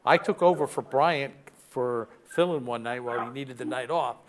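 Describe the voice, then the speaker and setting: A man's voice: medium pitch, slight background noise. A man in his seventies hosting a radio interview in a casual, encouraging way. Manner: encouraging, quick to agree.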